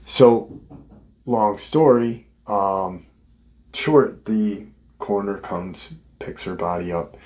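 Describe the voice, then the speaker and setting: Male host, low voice, unhurried, off-the-cuff storytelling full of ums and restarts. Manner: unscripted, many ums and restarts. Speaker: host of a paranormal encounter channel. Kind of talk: casual spoken retelling of a listener's story.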